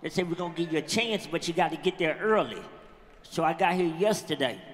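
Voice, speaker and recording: A man doing a stand-up comedy set at a show venue, telling stories loudly and punchily and calling out to the crowd on a handheld mic. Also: a little high, animated, a little fast, a little hiss or hum. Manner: loud, punchy storytelling with crowd call-outs. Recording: reverberant venue sound.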